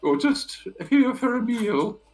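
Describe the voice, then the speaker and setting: Man in falsetto as an eager female innkeeper. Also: big pitch swings, slow pace, soft background music, exaggerated voice, low-quality recording. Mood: eager hostess. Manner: falsetto, chatty and accommodating.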